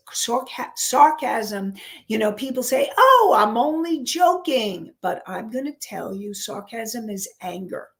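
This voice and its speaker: Woman, life coach, online class, slow pace, repeats herself while explaining. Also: medium pitch. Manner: unhurried, repeats and restarts phrases while explaining.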